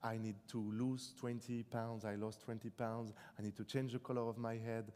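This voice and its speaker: A young man from France, a native French speaker talking in English, giving a live stage interview in a debate hall, reflective and halting, often restarting his sentences. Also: medium pitch, little pitch movement, darkish tone. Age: 20s. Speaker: author being interviewed. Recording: reverberant hall.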